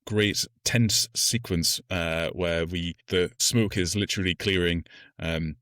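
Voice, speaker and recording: A man's voice: low-pitched, slow, no echo, clean studio sound. A man, a podcast co-host chatting casually and animatedly through a film recap. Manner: animated storytelling, slips into funny voices. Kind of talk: casual film review chat.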